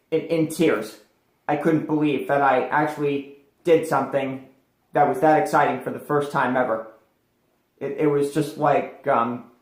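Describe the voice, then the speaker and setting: A man's voice: fairly high pitch, roomy sound. A man telling a personal story as an interview guest, rambling with many fillers and restarts.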